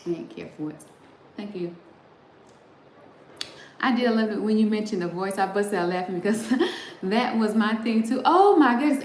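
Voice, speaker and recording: A woman's voice: mid-range voice, darkish tone. Chatty middle-aged woman in a roomy space. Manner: chatty, laughs often, talks straight to the chat. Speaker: livestream host. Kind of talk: casual chat with live viewers. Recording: roomy sound with faint background noise.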